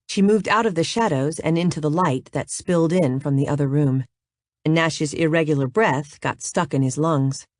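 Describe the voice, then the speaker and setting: A woman narrating a romance audiobook in a steady, even way. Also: deep voice, normal speed, dry recording, studio quality.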